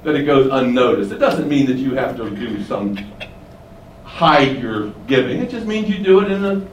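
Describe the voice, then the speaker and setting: A man's voice: mid-range voice, lively intonation, normal speed, echoey room, distant mic, slight background noise, rough recording. A man preaching an expository sermon in a conversational way, often asking rhetorical questions and building up emphasis. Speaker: pastor.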